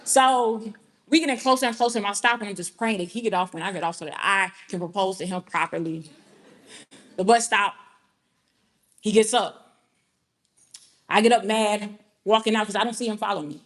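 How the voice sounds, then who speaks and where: A woman's voice: medium pitch, steady tone, moderate pace, pauses often. A young woman from Georgia with a Southern accent, performing a comic spoken-word piece in a conversational storytelling manner, chatting to the audience between lines. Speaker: performance poet.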